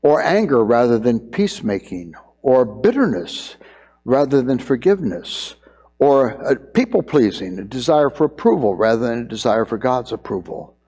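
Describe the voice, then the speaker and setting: A man's voice: medium pitch, sing-song, warm tone. Earnest male pastor in a reverberant hall. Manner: earnest, acts out scenes in quick raised voices. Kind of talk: sermon on parenting.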